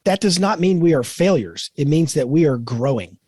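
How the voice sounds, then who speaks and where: A man's voice: a little high, normal speed, dry recording. A middle-aged man co-hosting a faith-based podcast, talking earnestly and animatedly about growing as a dad. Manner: earnest, animated storytelling with quoted voices. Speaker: podcast co-host.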